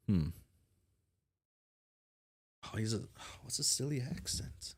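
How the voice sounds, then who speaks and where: A man reading a webcomic aloud with commentary, halting and repeating words, muttering and correcting himself as he goes. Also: lively intonation, a little mellow, husky, dry recording. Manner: mutters and self-corrects in a low voice. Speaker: read-along host.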